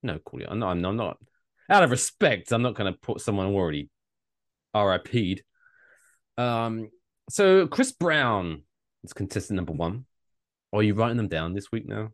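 A man's voice: lowish voice, animated, normal speed, pauses often. A man co-hosting a comedy podcast, swearing often and announcing segments with mock drama. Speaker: podcast co-host. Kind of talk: casual comedic podcast banter.

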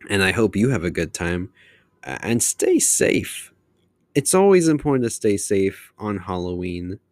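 A man's voice: fairly low pitch, darkish tone, no room sound, clean studio sound. A man hosting his podcast alone, talking casually in a long-winded, rambling way. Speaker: podcast host. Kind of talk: casual solo monologue.

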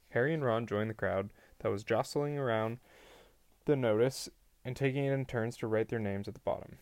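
A man reading a novel aloud as an audiobook, telling the story in a plain, even way with an occasional slip. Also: mid-range voice, moderate pace, dry recording. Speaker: audiobook reader.

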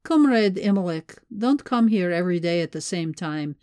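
A woman's voice: fairly low pitch, lively intonation, normal speed, mellow, no room sound, studio quality, lightly acted. Woman voicing a terse, commanding male agent. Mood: stern.

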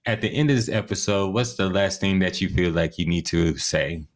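Low-voiced relaxed man podcast co-host. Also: moderate pace. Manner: relaxed, easygoing, chuckling. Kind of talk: casual chat.

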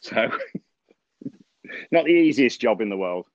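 This golf coach hosts a podcast in a medium-pitched voice, very animated but slow-paced, with slight background noise. His casual storytelling rambles, with constant fillers and restarts and frequent laughter. The audio itself is dry, dull and lo-fi.

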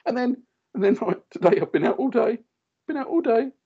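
A man in his thirties, a podcast co-host telling animated stories in casual chat and acting out what others said. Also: very high-pitched, brisk, husky, narrow, tinny audio. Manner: animated storyteller, acts out quoted voices.

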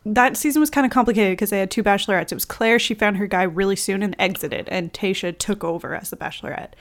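Chatty giggly young woman co-host. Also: medium pitch. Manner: chatty, giggly, quick asides. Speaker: podcast co-host. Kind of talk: casual chat recapping a reality show.

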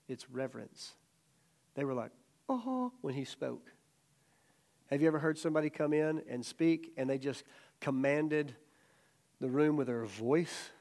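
A middle-aged man teaching a casual Bible study as a sermon, telling stories animatedly and acting out quotes loudly. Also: mid-range voice, vocal fry.

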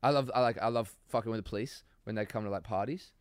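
A man's voice: fairly low pitch, fast, clear, resonant tone, dry recording. Rambling man, dry close sound. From Australia. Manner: rambling storytelling full of fillers and swearing. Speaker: comedian guest. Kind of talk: casual chat.

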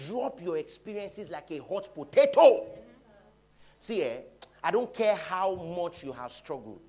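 A Nigerian man preaching a sermon, dropping to quiet talk and rising to loud shouts, often repeating his phrases. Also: high-pitched. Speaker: pastor. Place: church hall.

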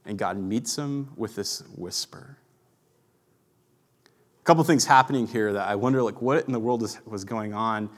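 A man in his thirties preaching a sermon, earnest and reflective, often dropping to a hushed voice. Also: fairly low pitch, normal speed, pauses often. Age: 30s. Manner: earnest, reflective, drops to a hushed voice for quiet moments. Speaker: pastor.

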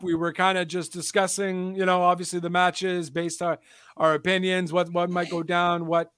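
A man's voice: high voice, level tone, moderate pace, fairly bright tone, clean tone, no echo. A young man hosting a casual wrestling chat show, rambling with lots of fillers in an upbeat way. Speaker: podcast host.

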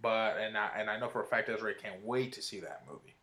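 A man co-hosting a casual movie review chat, speaking in a relaxed way with lots of fillers and restarts. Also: fairly low pitch, quick pace, reverberant. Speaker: movie review show co-host.

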